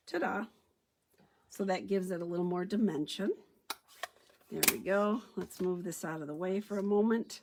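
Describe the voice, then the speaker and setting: A woman's voice: lowish voice, normal speed, pauses often, a little hiss or hum. A woman giving a chatty card-stamping tutorial, thinking aloud as she works. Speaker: stamping demonstrator. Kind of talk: craft tutorial demo.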